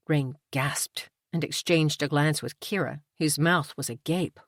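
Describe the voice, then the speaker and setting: A woman reads an audiobook in a measured, even way. Her voice is low, and the recording is dry and close. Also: no echo. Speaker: audiobook narrator. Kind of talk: scripted audiobook narration.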